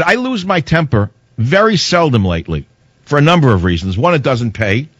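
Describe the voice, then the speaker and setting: Male radio host, sarcastic rambling rant, swooping lively pitch, dry close studio sound. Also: moderate pace, no room sound, highs cut off. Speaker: radio talk show host. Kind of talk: talk radio monologue.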